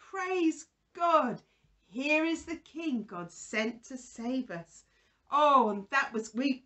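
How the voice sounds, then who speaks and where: A woman presenting a children's Bible story, gently asking a puppet questions in a sing-song way. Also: a little high.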